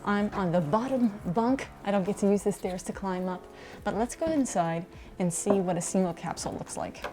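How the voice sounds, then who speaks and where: A woman's voice: mid-range voice, normal speed. A woman vlogging a tour of a capsule hotel, chatty and informal, talking to a handheld camera indoors. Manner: chatty and informal, with frequent fillers. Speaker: travel vlogger. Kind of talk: casual vlog tour.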